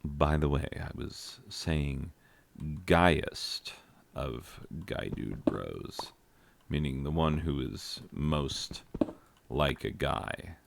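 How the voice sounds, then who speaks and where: A very low, gravelly American man talks slowly through a meandering gaming commentary. He wanders from aside to aside with plenty of fillers. Steady background noise and clicks sit under the voice. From United States. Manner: rambling, joking asides, frequent fillers. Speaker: gaming channel host. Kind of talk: rambling commentary while playing a video game.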